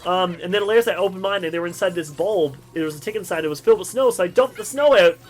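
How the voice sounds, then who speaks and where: A man's voice: high voice, fast talker, soft background music, rough recording. Chatty young man rambling over gameplay. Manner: rambling and chatty, laughs often. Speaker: gaming channel host. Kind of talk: game commentary with personal stories.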